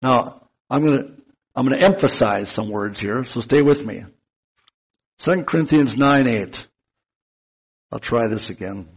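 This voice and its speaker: A man preaching a sermon, speaking slowly and deliberately and stretching key words for emphasis. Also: mid-range voice, slightly rough, poor audio.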